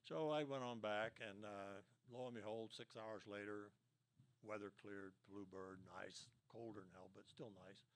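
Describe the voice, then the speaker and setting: Older american man, folksy storyteller, rambling, lots of fillers, lowish voice. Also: steady tone, unhurried. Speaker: speaker telling war stories to an audience. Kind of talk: casual storytelling talk.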